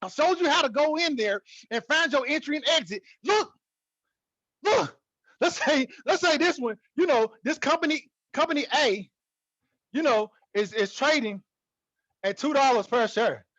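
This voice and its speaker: A man teaching stock trading in a casual, excitable way, repeating himself and hyping up his viewers. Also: very high-pitched, moderate pace, no echo, muffled recording. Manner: excitable, repetitive, hypes the viewer. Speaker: trading educator. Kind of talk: casual teaching talk to camera.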